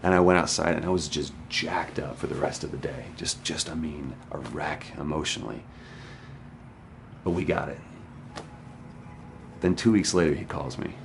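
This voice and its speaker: A man's voice: a bass voice, moderate pace, vocal fry, long pauses, noisy background. A male actor being interviewed, telling a story about a hard scene in an earnest, frank and wry way. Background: music.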